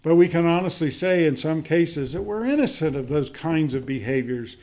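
Man preaching, slightly high voice. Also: animated, a little mellow. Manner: measured preaching with frequent fillers, reading scripture aloud. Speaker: pastor. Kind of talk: sermon.

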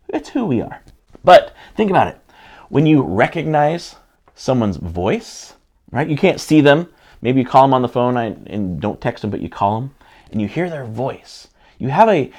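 A man's voice: medium pitch, darkish tone. A middle-aged man, a pastor, teaching a sermon in an earnest, conversational way with frequent restarts.

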